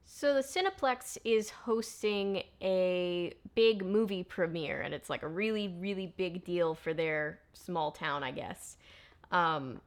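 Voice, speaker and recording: A chatty woman with a slightly low voice reviews a movie in a casual, sarcastic way. She drops deadpan jokes between her comments. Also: takes it slowly.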